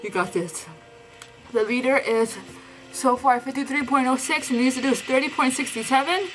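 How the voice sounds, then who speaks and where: High, gasping, excitable woman. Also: normal speed, soft background music, low-quality recording. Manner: excitable, gasping and sighing often; emotional, close to tears. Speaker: reaction vlogger. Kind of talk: live reaction commentary.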